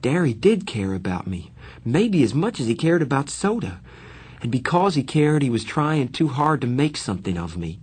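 A man reading a story aloud in first person, in an even storytelling manner with light character voices. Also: medium pitch, moderate pace, slightly rough. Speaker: audiobook reader. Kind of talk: scripted narration.

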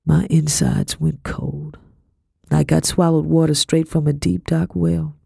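A woman reading a first-person storybook, earnest and quietly tense, sometimes dropping to a whisper. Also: deep voice, little pitch movement, a little slow, vocal fry, husky, no echo, studio quality. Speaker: audiobook reader.

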